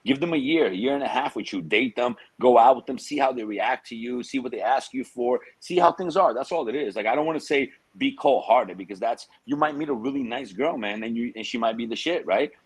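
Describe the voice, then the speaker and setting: A man's voice: medium pitch, breathy edge, poor audio. A man, a guest telling stories in a casual interview, streetwise and full of slang. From United States. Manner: streetwise slang, drawn-out tangents.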